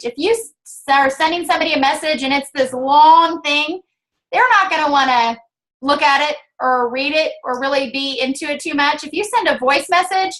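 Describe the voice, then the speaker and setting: A woman's voice: high-pitched, a bit bright. A woman with a Southern US accent, co-hosting a casual chat and explaining things step by step in an upbeat, coaching way. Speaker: co-host.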